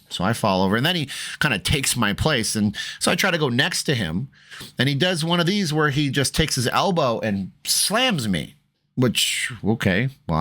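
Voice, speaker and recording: A man telling a storytime vlog in a loose, rambling way, with plenty of fillers and restarts. He drops into low asides and then jumps up into animated, raised bursts. His voice sits at a middling pitch for a man. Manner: rambling, chatty, many fillers. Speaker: vlogger.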